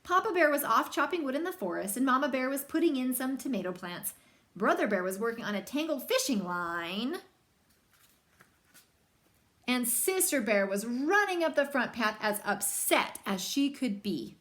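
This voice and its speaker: A young woman reading a children's picture book aloud, with lively, chatty asides to young listeners. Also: on the high side, normal speed. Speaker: storybook reader.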